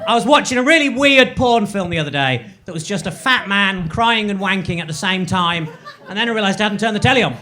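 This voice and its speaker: A man doing stand-up comedy, delivering one-liners in a deadpan way to a laughing club audience. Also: high-pitched, fairly quick, noisy background.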